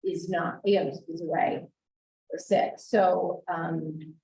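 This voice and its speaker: A woman explaining grant details at a public board meeting, halting and repeating words as she goes. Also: lowish voice, steady tone, warm tone. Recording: roomy echo, distant mic.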